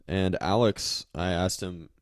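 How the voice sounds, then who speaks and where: A man's voice: low voice, steady tone, takes it slowly, no echo. A young man co-hosting a podcast in casual chat, laid-back and joking, often laughing. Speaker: podcast co-host.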